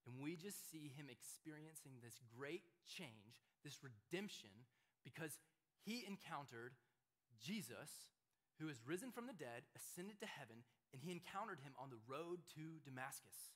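A man's voice: fairly high pitch, animated, moderate pace, fairly bright tone. A young man preaching a casual youth sermon, reading scripture and saying "like" a lot. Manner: casual, says "like" often. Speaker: youth pastor.

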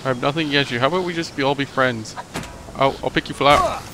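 A man's voice: medium pitch, fast talker. A young man commenting on his game as a let's play host, joking and rambling and talking back at the enemies. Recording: noisy home recording.

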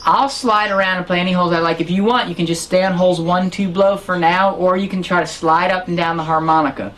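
A woman's voice: lowish voice, steady tone, quick pace, fairly bright tone. A woman teaching harmonica in an online lesson, patiently explaining and counting beats aloud.

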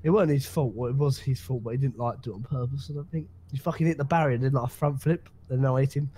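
A man's voice: medium pitch, fast talker, noisy background. A man telling a rambling story during a game, stopping to correct himself. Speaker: gaming friend. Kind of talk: casual gameplay banter.

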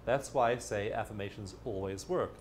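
A man's voice: lowish voice, normal speed, slight background noise. A man giving a casual, jokey teaching talk who acts out inner voices as he goes. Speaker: therapy method teacher. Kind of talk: casual explanatory video talk.

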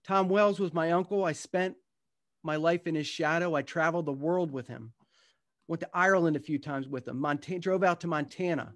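Earnest middle-aged man telling a story. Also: fairly high pitch. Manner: earnest, heartfelt storyteller with halting restarts. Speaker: guest speaker and author. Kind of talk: personal storytelling talk with a book reading.

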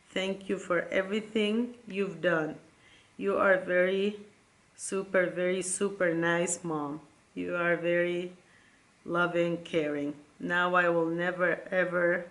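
A middle-aged woman reading old letters from her sons aloud, tender and halting, close to tears. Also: fairly low pitch. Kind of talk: emotional casual vlog reading.

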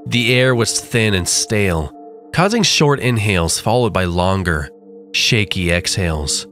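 A male horror narrator with a low, expressive voice. He reads slowly and dramatically, leaning into the dread. Faint music hums under his reading. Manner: slow, dramatic delivery.

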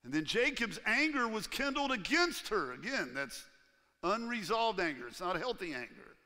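A man preaching a sermon as pastor in a church, animated and acting out the voices he quotes. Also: sits high, moderate pace, long reverb tail. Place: church sanctuary.

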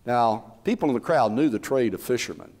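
A man's voice: mid-range voice, brisk. A man preaching a sermon, acting out what Bible figures might have said. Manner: animated preaching, acting out Bible characters' words. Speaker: pastor.

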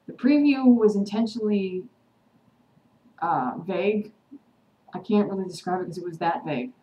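A woman's voice: mid-range voice, lively intonation, normal speed, mellow. A woman recapping a TV episode in a casual vlog, heated and indignant, slipping into sarcastic mimicry. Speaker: TV episode vlogger. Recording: echoey room with faint ambient noise.

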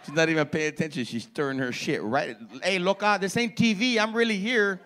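In a comedy club full of laughter, a man does brash, profane crowd work as a stand-up. His voice sits high and a bit bright, he speaks a little fast, and there's slight background noise.

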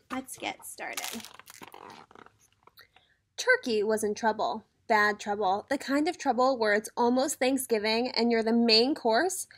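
A teacher reading a children's picture book aloud, talking directly to the kids in a lively storytelling way. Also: female voice, fairly high pitch, a little hiss or hum.

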